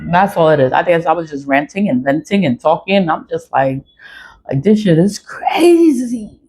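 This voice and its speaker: Defiant woman vlogger, slightly low voice, blunt and profane, loops her phrases. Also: big pitch swings, normal speed, darkish tone, slightly rough. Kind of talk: ranting monologue to camera.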